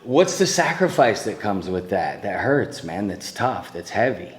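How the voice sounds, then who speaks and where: A young man asking questions in a casual, relaxed way, reacting with short interjections. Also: fairly low pitch, a little slow. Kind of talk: casual conversation.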